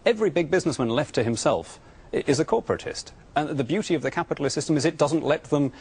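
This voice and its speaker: A man's voice: fairly high pitch, expressive, quick pace, darkish tone, slightly rough. A British man as a politician guest on a TV interview, arguing his views earnestly and often stammering through restarts. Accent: British English. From Britain. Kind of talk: remote TV interview answers.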